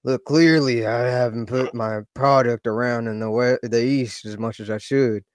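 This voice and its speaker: A man's voice: mid-range voice, steady tone, moderate pace, dry recording, clean studio sound. A man playing a tabletop game, talking in a brash, swaggering, crude way. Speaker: player.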